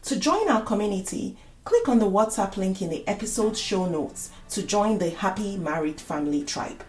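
A woman's voice: mid-range voice, expressive, normal speed, faint music behind. A woman hosting a podcast, reading a scripted, inviting outro. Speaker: podcast host. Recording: echoey room.

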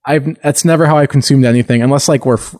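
A man's voice: medium pitch, quick pace, a little mellow. A man co-hosting a podcast, telling rambling stories in casual chat. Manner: rambling anecdotes with restarts. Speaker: podcast co-host.

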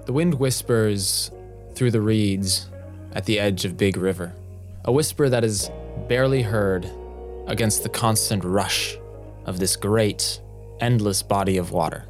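A man's voice: fairly low pitch, a little slow, faint music behind. A man narrating an improvised story as co-host, playful, stopping to laugh and ask questions.

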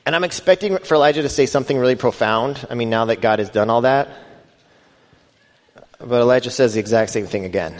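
A man's voice: mid-range voice, big pitch swings, normal speed, long pauses. A male pastor giving a conversational sermon, building emphasis and acting out scripture quotes. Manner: conversational preaching, rising emphasis, quoting scripture in voices. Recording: long hall reverb.

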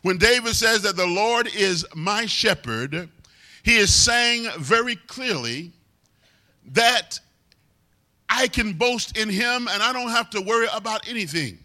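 A man's voice: high-pitched, animated, unhurried, pushed and bright. A man preaching a sermon, emphatic and stretching out key words for weight.

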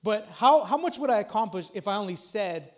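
Male pastor, thirties, very high voice; casual sermon that builds by repetition, small church. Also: lively intonation, fairly quick. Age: 30s. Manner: casual, repeats himself, builds to emphatic points. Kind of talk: conversational sermon.

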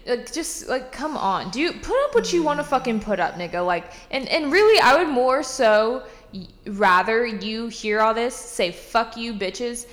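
A woman co-hosting a podcast in casual chat, blunt and profane, ranting with heavy swearing. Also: medium pitch. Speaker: podcast co-host. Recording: echoey room.

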